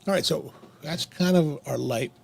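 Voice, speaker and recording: A man's voice: fairly high pitch, normal speed, creaky, darkish tone, a little hiss or hum. A man co-hosting a casual chat show over coffee and cigars, telling a rambling story with many restarts. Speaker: podcast co-host.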